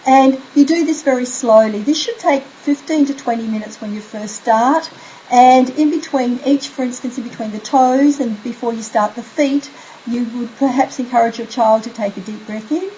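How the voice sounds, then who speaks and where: A middle-aged woman parenting coach giving bedtime tips in a gentle, soothing way. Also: a little high, moderate pace, muffled recording, slight background noise. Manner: soothing, demonstrates soft bedtime phrases. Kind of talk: instructional talk to camera.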